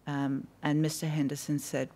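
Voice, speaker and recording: A woman, giving formal testimony at a public inquiry and recounting a conversation in a measured, precise way with dry asides, on a desk microphone. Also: low voice, level tone, dark tone. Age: 50s. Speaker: witness giving evidence. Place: hearing room of a public inquiry.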